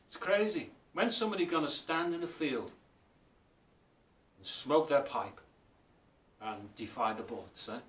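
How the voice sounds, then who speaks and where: A man giving a spiritual talk as author and speaker, telling stories in a reflective way and slowing down for emphasis. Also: a bit bright. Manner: storytelling, reflective, often slows for emphasis. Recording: roomy, distant mic, faint rumble.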